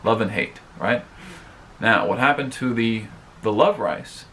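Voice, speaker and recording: A man hosts his own advice vlog in a loose, rambling way, dotting his talk with fillers and checking in with viewers. His voice sits at an ordinary middle pitch, with a faint hiss in the background. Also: a little slow, a bit bright. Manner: rambling, filler-heavy, addresses viewers directly. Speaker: vlogger host.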